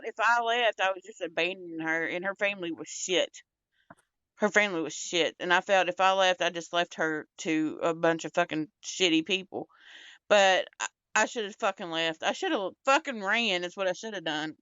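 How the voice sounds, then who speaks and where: A woman's voice: lowish voice, sharp tone, clear, resonant tone, no room sound, lo-fi sound. A young woman in casual, candid chat, blunt and rambling, swearing a lot. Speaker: podcast co-host.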